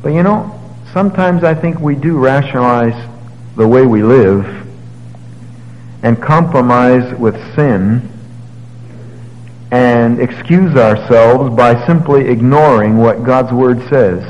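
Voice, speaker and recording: A male preacher delivering a sermon in a large hall, his voice ringing with a long reverb. He retells the story with animated paraphrases and moves between loud emphasis and quiet, low passages. His pitch sits in the middle range for a man. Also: slow, long pauses, dull audio.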